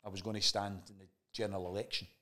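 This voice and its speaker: A Scottish man, a guest on a chat show, tells a story casually, swearing freely and reenacting the dialogue he recalls. His voice is low and flat, fast, with a sharp edge.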